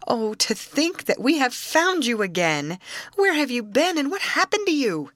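A woman reading a breathless, emotional teenage girl from a storybook, pitched high. Her voice swings widely. The sound is dry and close. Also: very animated, unhurried, fairly bright tone, dry recording. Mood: tender. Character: excitable teenage girl, Will's sister.

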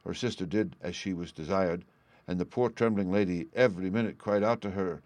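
A man reading a fairy tale aloud as an audiobook narrator, in a measured, even delivery. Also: low voice, no room sound. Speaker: audiobook reader. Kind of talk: storybook narration.

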